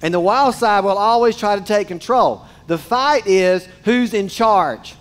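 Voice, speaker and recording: A man's voice: sits high, a little slow. A man, preaching a casual, joking sermon straight to his congregation in a church. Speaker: pastor. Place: church sanctuary.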